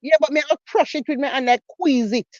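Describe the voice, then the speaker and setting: Jamaican woman telling lively stories. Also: high voice, fast talker, no room sound, muffled recording. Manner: lively storytelling in patois, animated and emphatic. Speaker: co-host. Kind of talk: casual chat on a live stream.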